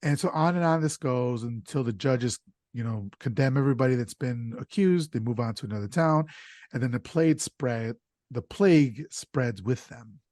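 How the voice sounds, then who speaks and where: A man's voice: medium pitch, moderate pace, dry recording, clean studio sound. Man host retelling a film plot. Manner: animated retelling of a plot with fillers. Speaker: podcast host. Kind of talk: casual film discussion.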